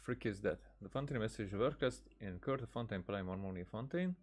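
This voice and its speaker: A man's voice: on the low side, brisk, a little mellow. A man giving casual let's-play commentary, exasperated and talking back at the game. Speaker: gamer.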